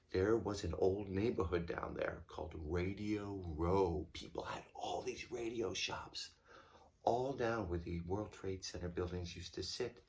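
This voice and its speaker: Deep-voiced man telling his kids a story. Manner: animated, playful storytelling to kids. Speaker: tour guide. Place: home during lockdown.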